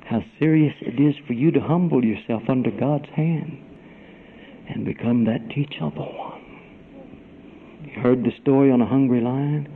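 A man preaching a sermon, swinging between loud cries and hushed whispers and calling the congregation "brother". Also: mid-range voice, moderate pace, long pauses, slight background noise. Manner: dramatic swings from shouts to whispers. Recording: tinny phone-like radio broadcast.

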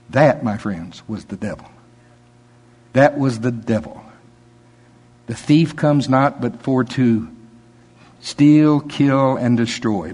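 A man's voice: medium pitch, darkish tone, husky, big-room sound. A middle-aged male pastor preaching a sermon, telling folksy stories with laughter and quoted voices.

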